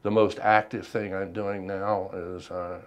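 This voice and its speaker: Older male veteran interviewee, very low voice, measured reflective delivery. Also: level tone. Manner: unhurried, reflective, many ums and pauses. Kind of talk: oral history interview.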